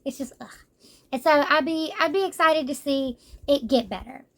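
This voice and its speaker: A young woman giving a casual, animated manga review, exasperated and slangy. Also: high voice, moderate pace, vocal fry. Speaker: book reviewer.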